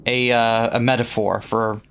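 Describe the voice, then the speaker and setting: A let's play co-host reading a visual novel aloud and breaking in with joking, animated commentary. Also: medium pitch, a little slow, creaky, clean tone. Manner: animated, joking, laughs and swears.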